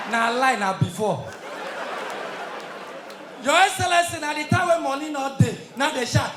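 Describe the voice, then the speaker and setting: A man doing live stand-up comedy with a Nigerian Pidgin English accent, delivering loud, punchy, shouted punchlines. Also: very high voice, animated, moderate pace, pauses often, reverberant, some chatter behind.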